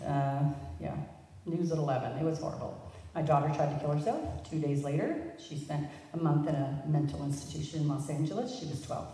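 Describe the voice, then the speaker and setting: A middle-aged woman sharing a personal recovery testimony with an audience, telling her story in an animated way and laughing at herself. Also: low-pitched, brisk. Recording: echoey hall, mic far off.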